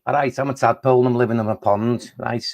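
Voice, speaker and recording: A cheeky little tadpole boy with a Liverpool accent rattles on about life in his pond, as a man puts him on. The voice has a gravelly edge and a chatty, boastful swing. It sounds like a storybook creature brought to life by a poet. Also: mid-range voice, fairly even intonation, fast, a little mellow, close to an everyday voice.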